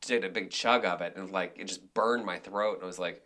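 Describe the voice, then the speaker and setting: A man, a director and actor, talking casually in an interview and telling animated stories from the theater with many restarts. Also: deep voice, brisk. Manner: animated, acts out quotes, frequent restarts.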